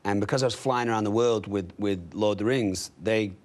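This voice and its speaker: A man's voice: fairly low pitch, a little fast. A man from England, an actor chatting as a guest, rambling with lots of you know and like. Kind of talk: casual chat.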